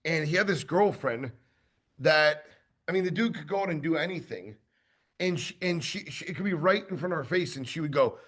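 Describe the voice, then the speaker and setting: A man giving a casual sales training talk, acting out quick exchanges with customers and tossing in lots of fillers and asides. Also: on the high side. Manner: animated, acts out customer exchanges; conversational with many fillers and asides.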